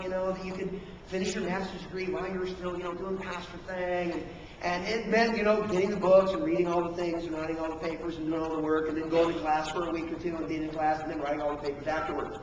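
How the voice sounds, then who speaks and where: A man's voice: high-pitched, steady tone, fast talker, background noise. A middle-aged male pastor preaching a conversational sermon, acting out little inner dialogues. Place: church sanctuary. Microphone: camcorder from the back of the room. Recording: distant echoey hall camcorder recording.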